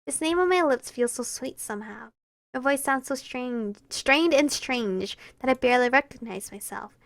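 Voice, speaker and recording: A woman reading a visual novel game aloud with expressive, emotional delivery, breaking into giggles and excited reactions. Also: sits high, creaky, dry recording. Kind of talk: dramatic game read-through with asides.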